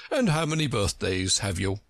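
A man reading a storybook aloud, voicing a pompous, scornful know-it-all who speaks in a lively, lilting way. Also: fairly low pitch, moderate pace, gravelly, no room sound.

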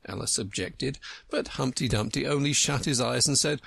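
A man reading a storybook aloud for a radio program, in an expressive way. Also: medium pitch, moderate pace, vocal fry, few pauses, slightly rough, dry recording. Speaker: audiobook narrator.

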